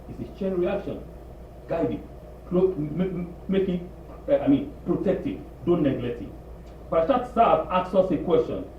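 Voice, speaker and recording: Emphatic preacher in an echoey hall. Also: male voice, fairly high pitch, a little hiss or hum. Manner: animated, repetitive, emphatic. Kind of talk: sermon. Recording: distant, echoey, dull room recording.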